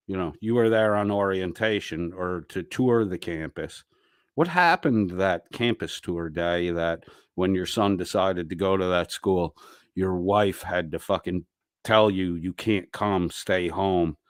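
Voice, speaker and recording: A man's voice: deep voice, dry recording, clean studio sound. A man hosting a livestream, taunting and mocking his rivals in crude, profane commentary. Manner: taunting, crude, laughing between jabs. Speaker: livestream host.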